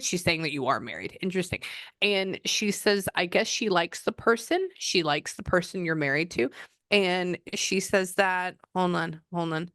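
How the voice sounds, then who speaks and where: A woman's voice: on the low side, measured pace, a bit bright, no room sound, clean studio sound. A woman working as a psychic medium, talking a client through a reading in a chatty, rambling way that often breaks off mid-sentence. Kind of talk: reading session over a call.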